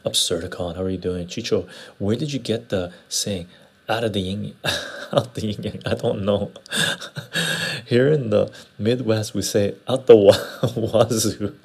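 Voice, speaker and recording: Man, gravelly voice, rambling livestream chat, lapel mic. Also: lowish voice, steady tone, a little slow. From Western Canada. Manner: rambling, conversational, often tags "right?". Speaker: livestream host. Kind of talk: casual livestream chat answering viewer comments.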